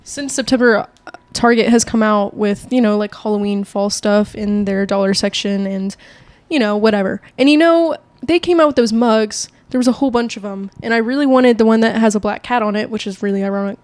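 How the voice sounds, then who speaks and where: A woman's voice: medium pitch, fairly quick, darkish tone, no echo. A young adult woman co-hosting a podcast in a home kitchen, rambling through a story in casual chat. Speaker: podcast co-host.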